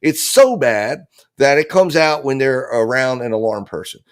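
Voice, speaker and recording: A man's voice: mid-range voice, animated, moderate pace, clear, resonant tone. A man giving impassioned legal commentary as host of a true crime analysis show, talking bluntly and emphatically with frequent cursing. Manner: emphatic and blunt, with frequent profanity and repeated phrases.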